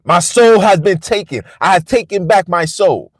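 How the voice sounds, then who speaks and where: A man's voice: sits high, expressive, moderate pace, dry recording. A man hosting a live stream, delivering a blunt, defiant and profane rant that hammers the same phrases over and over. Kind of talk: ranting monologue on a live stream.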